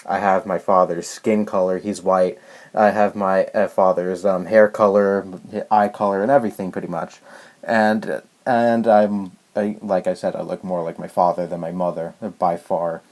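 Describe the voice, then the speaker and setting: A man's voice: deep voice, steady tone, normal speed, darkish tone. A young man vlogging a rambling, exasperated rant about a personal story, full of restarts and fillers. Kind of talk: ranting personal story to camera.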